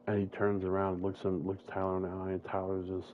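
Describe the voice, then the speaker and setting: A man's voice: low-pitched, monotone, fairly quick, narrow, tinny audio, a little hiss or hum. A man casually retelling a made-up story, rambling and swearing often, with many fillers and restarts.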